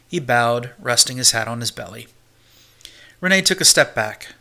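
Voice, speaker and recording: A man reading a science-fiction audiobook as an amateur narrator, in a steady, measured way. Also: medium pitch, creaky.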